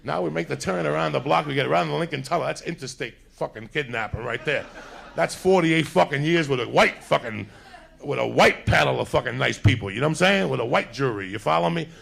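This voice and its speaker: A man with a New Jersey accent telling a profane crime story in an animated, loud way. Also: fairly high pitch, a little fast, creaky, slightly rough. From North Bergen, New Jersey.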